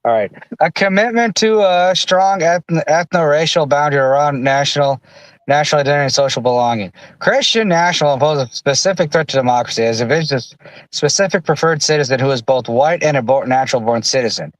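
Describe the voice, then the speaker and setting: A man co-hosting a livestream in casual, opinionated chat. His voice sits fairly high, and he talks bluntly and sarcastically. The sound is dry and close, with no room echo. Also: brisk. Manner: blunt and sarcastic, with frequent restarts. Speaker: livestream co-host.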